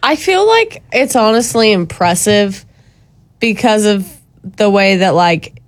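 Woman radio co-host, easygoing and quick, casual chat. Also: medium pitch, expressive.

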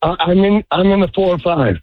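An older man calling in to a radio show, rambling and excitable, with a husky, gravelly voice over a tinny phone line. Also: high voice, brisk, dry recording. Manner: rambling, excitable, slurred restarts. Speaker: caller. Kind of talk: rambling call-in.

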